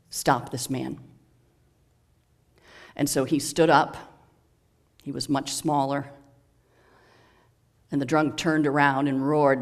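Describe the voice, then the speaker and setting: Slow, measured sermon storyteller. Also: mid-range voice, steady tone. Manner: slow, measured, dramatic pauses. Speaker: minister.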